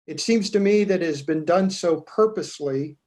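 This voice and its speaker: Guy on a zoning board going thru code slowly, lots of uh pauses, kinda higher voice. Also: a little mellow. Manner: deliberate, measured, with frequent "uh" pauses. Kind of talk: reading and explaining code at a public meeting.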